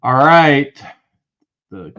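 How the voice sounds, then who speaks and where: A man hosting a live-stream auction, loudly calling out lots and prices with excitement. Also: mid-range voice, very slow, lo-fi sound. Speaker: livestream auction host.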